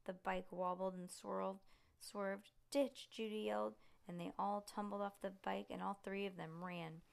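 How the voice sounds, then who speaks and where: A woman reading a children's story aloud with lively pacing and the odd slip and restart. Her voice has a gravelly, creaky grain. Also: medium pitch, moderate pace. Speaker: reader.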